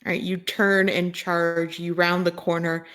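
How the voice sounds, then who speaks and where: A woman narrating as the game master of a tabletop game in slow, drawn-out casual narration. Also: lowish voice, level tone, a bit bright.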